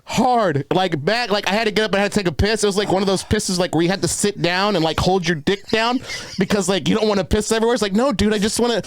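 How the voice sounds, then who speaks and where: A man's voice: high voice, quick pace, dry recording. A man hosting a podcast in a casual, profane comedic chat. He laughs often and acts out his own story with quoted voices.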